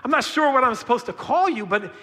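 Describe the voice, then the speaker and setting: A man voicing his earnest twelve-year-old daughter, who speaks quickly and chattily. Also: very high-pitched, lively intonation, a bit bright, in a large hall, voice pushed up.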